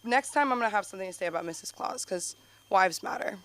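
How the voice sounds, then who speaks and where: A young woman doing open-mic stand-up, rambling with lots of fillers and sudden high jumps in her voice. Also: lively intonation, quick pace, a bit bright. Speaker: stand-up comedian. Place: comedy club stage.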